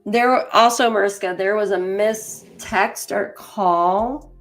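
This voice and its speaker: A woman's voice: medium pitch, slow, faint music behind. A woman hosting a casual true crime livestream, rambling chattily with lots of "like" as she talks to viewers by name and reads through case documents. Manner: chatty and rambling, heavy use of "like"; addresses chat viewers by name.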